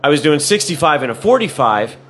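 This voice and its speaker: A man's voice: fairly high pitch, big pitch swings, a little fast, a bit bright, a little hiss or hum. A man in casual chat, telling a heated, profanity-laced story.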